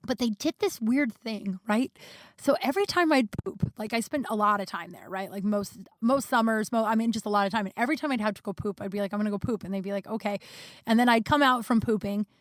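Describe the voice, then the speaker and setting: A woman's voice: mid-range voice, quick pace, no room sound, studio quality. A young woman hosting a podcast, telling rambling stories in casual chat, with plenty of fillers and swearing. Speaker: podcast host. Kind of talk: casual storytelling monologue.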